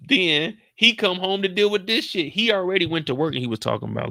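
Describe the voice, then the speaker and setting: A young man with a bright, forceful voice, riffing casually and profanely as he recaps a show and slips into the characters' lines. The sound is close and dry, with no room around it. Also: high-pitched, fast talker, vocal fry, few pauses, no echo. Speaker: show commentator. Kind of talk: animated casual recap commentary.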